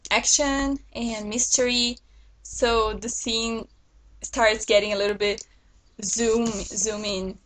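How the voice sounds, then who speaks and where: A woman's voice: on the high side, slight background noise, rough recording. A woman vlogger chatting casually to her viewers about new books, enthusiastic and talkative. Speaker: book vlogger. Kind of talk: casual book haul chat to camera.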